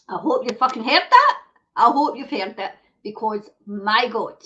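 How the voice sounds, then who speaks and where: A Scottish woman with a slightly high voice hosts her own live chat show. She rants and swears as she reads out viewer comments. The audio is dull and lo-fi, like a home stream. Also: sing-song, bright, forceful tone. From Scotland. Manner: ranting and sweary, quick to flare up. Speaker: livestream show host. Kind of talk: casual livestream chat reading viewer comments.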